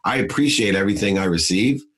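A man's voice: on the low side, expressive, fast, a bit bright. A middle-aged man telling a personal story in an emphatic, preachy way, then giving motivational advice as a podcast guest.

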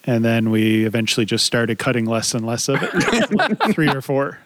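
A man's voice: medium pitch, fairly even intonation, dry recording. A man co-hosting a podcast, telling a story among friends at an easy pace and laughing as he goes. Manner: unhurried, laughing through the story. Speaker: podcast co-host.

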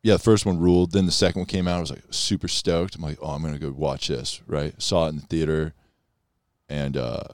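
A man's voice: a bass voice, fairly even intonation, brisk, a little mellow, no room sound, clean studio sound. A young man in casual, laid-back chat, full of slang and swearing.

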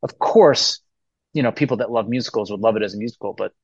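A man's voice: fairly low pitch, fast talker, slightly rough, no echo, muffled recording. A man in his forties, a musical theater actor guesting on a podcast, talking earnestly and emotionally with many restarts. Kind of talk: casual interview chat.

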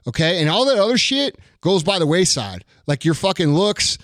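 A man's voice: high-pitched, normal speed, no echo, clean studio sound. Blunt, profane man in casual talk. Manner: blunt, profane, emphatic, lively imitations. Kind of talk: casual podcast chat.

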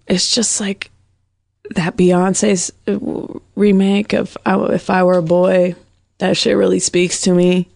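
A woman comedian with a low, husky, gravelly voice talks through a rambling monologue on her show. She is sardonic and self-deprecating. The recording is dry and close to the mic. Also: no echo. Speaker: comedian hosting a podcast.

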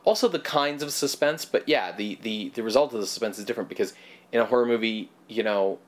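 A man's voice: lowish voice, fast. A man co-hosting a podcast, chatting casually and at length about films, rambling and swearing now and then. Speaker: podcast co-host. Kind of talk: casual film discussion.

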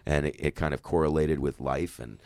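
Middle-aged guy, really low voice, swears a lot, acts out what everyone said, dry close sound. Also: a little fast, dry recording. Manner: swears freely, animated retelling with quoted dialogue. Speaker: actor guest. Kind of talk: casual interview storytelling.

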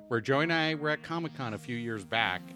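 A man chatting casually as a podcast co-host, rambling and crude-joking. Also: medium pitch. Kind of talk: casual chat.

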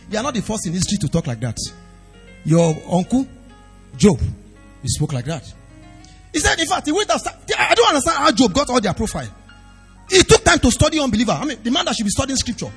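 A man preaching a sermon as pastor, swinging from quiet asides to shouted emphasis. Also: very high voice, sing-song, quick pace, long pauses, husky. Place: church hall. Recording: long reverb of a hall with faint music.

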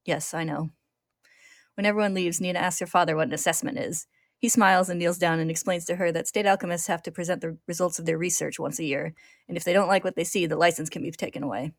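A woman's voice: lowish voice, steady tone, quick pace, gravelly, dry recording, clean studio sound. Woman narrating a story recap. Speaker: podcast host retelling an anime episode.

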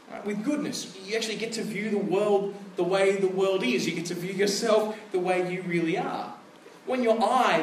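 A pastor in his thirties preaches with a high, lively voice. He tells stories from everyday life in a relaxed, chatty way. His voice carries from a distance across an echoey hall, with a faint hum of room noise behind it. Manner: conversational, storytelling with animated asides. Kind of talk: sermon.

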